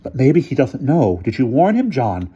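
A man's voice: fairly low pitch, animated, normal speed, mellow, husky, muffled recording. A man reading aloud and voicing a stiff, proper older society woman in prim, formal speech. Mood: anxious.

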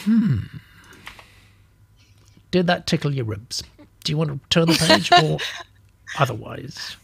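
A man's voice: on the high side, takes it slowly, gravelly, husky, no echo. A man hosting a live writing show, reading a comic submission aloud theatrically and then chatting with a guest. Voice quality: animated, theatrical reader. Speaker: host.

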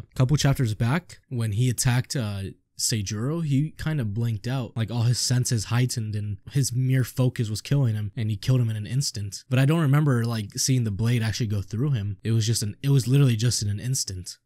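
A man's voice: mid-range voice, a little fast, few pauses, darkish tone, dry recording, clean studio sound. A young man reading a manga aloud and reacting, swearing often and exclaiming in awe. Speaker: streamer.

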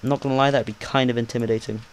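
A man talks through his game as he plays, excitable and quick to joke at his own expense. His voice sits at an ordinary middle pitch, with a faint hiss of noise behind him. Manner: excitable, jokey, talks to himself. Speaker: gaming channel host. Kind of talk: live gameplay commentary.

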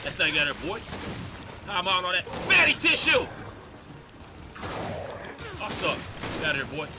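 A man giving live gameplay commentary, loud and excitable, trash-talking in slang. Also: a little high, fast talker, background noise. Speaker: gamer. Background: game music and gunfire.

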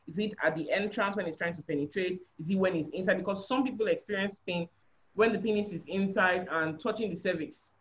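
A woman giving a frank, explanatory sexual health talk on a webinar, often checking that listeners understand. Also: mid-range voice. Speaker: guest speaker on sexual health. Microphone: video call. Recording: dull lo-fi webinar audio.

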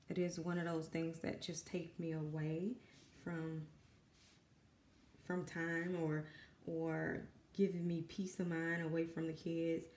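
A woman's voice: fairly low pitch, darkish tone, slight background noise. Nervous Southern woman rambling. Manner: rambling, self-conscious, many fillers. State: dry voice. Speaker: artist and mother. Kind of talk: nervous painting vlog. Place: home room with kids in the background. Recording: echoey room.

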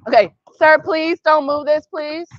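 Woman youth basketball coach, high voice, brisk directive calls mixed with patient correction, dull dry lo-fi recording. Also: no echo. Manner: patient, gentle correction of the group. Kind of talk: coaching kids during practice.

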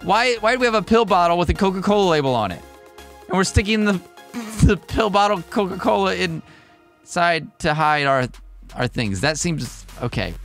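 A man's voice: high-pitched, big pitch swings, fairly quick, fairly bright tone, faint music behind. A man giving casual commentary on a reaction video, bemused and rambling, constantly questioning what he sees. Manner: bemused, keeps asking questions, rambling asides.

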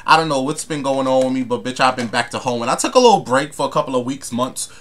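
A man's voice: mid-range voice, lively intonation, quick pace, fairly bright tone. A young man, ranting to camera in a sassy, profane, emphatic way. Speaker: vlogger. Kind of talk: casual rant to camera.

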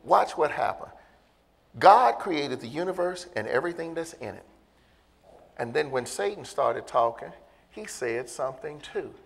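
A man preaches in a high, animated voice that swoops up and down as he pushes his point. He keeps pulling the congregation along with questions and asides. The long reverb of a church hall hangs behind every phrase. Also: unhurried, vocal fry, husky. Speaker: pastor. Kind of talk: sermon.

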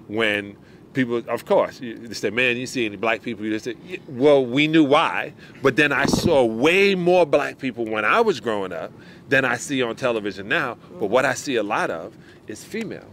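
A man's voice: mid-range voice, moderate pace, a little hiss or hum. A middle-aged man, a podcast guest, chatting casually and acting out quotes as he tells stories. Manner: animated storyteller, acts out quotes. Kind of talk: casual chat.

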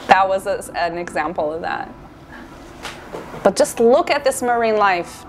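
Excitable woman, unhurried game commentary, mid-pitched, self-correcting. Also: slight background noise. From Portugal or Brazil (Portuguese-speaking). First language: Portuguese. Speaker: gaming streamer and marine biologist. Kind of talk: casual gameplay commentary.

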